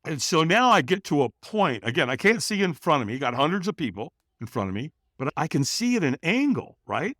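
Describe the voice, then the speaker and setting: A man's voice: fairly quick, few pauses, no echo. Middle-aged guy from california telling a wild story on a podcast, voice jumping all over, dry close sound. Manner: animated, acts out other people's lines with bursts of pitch and volume. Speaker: podcast guest, company founder. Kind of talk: dramatic personal storytelling in a podcast interview.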